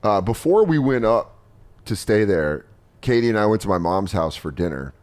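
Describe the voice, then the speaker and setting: A man hosting a podcast, telling comedic stories in casual chat and jumping into loud impressions of other people. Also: fairly low pitch, sing-song, normal speed. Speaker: podcast host.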